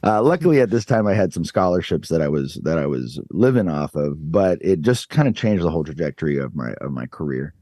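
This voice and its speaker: A man in his thirties telling a story on a podcast, animated and swearing freely. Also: extremely low pitch, fairly quick, hardly any pauses, no room sound. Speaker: podcast guest. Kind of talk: casual storytelling.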